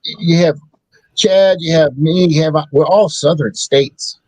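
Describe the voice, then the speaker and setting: A man's voice: fairly high pitch, takes it slowly, darkish tone, no echo, low-quality recording. A man from South Louisiana with a Cajun accent, co-hosting a casual podcast chat with crude jokes. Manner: crude, joking. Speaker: podcast co-host.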